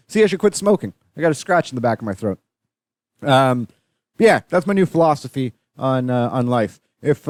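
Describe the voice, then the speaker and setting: This podcast host is a young Canadian man whose fairly high voice comes through clean, echo-free studio sound. He tells stories in a loose, meandering way, swearing freely and livening up as he recounts events.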